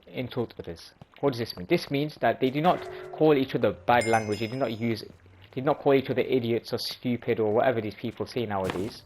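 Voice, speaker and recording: A man's voice: medium pitch, a little mellow, rough recording. A man in a mid-range voice explains sayings for his viewers in a casual, unscripted way. He often restarts phrases and corrects himself as he goes. A faint hiss of noise sits under the recording. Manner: informal, restarts and self-corrections. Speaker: religious video host.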